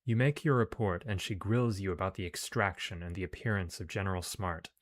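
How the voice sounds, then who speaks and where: A man's voice: low voice, a little fast, dry recording. A man reading game text aloud as narration, with casual, sometimes profane asides. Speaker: game streamer.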